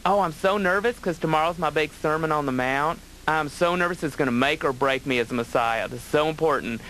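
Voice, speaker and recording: A man's voice: a little high, a little fast, fairly bright tone, a little hiss or hum, lightly acted, rough recording. A man voicing an effeminate Jesus with a Southern accent, gossipy and nervous. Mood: fretful. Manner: fretful, gossipy, dramatic.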